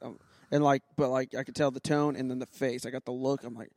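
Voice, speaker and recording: A man's voice: medium pitch, fairly even intonation, fast talker, darkish tone, dry recording. A man who plays music at a church, chatting on a podcast in an upbeat, scattered way that jumps between topics. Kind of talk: casual chat. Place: sound booth inside a church sanctuary.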